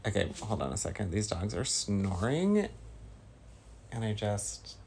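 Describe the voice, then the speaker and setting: A man from Northern California chatting casually with his stream viewers, slow and rambling. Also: lowish voice, big pitch swings, creaky, a little mellow, a little hiss or hum. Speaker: livestreamer.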